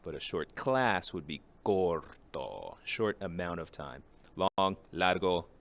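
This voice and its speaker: A man's voice: low voice, big pitch swings, takes it slowly, creaky, fairly bright tone. A man teaching a Spanish vocabulary lesson, reading each English word and then its Spanish match, and asking the class rhetorical questions.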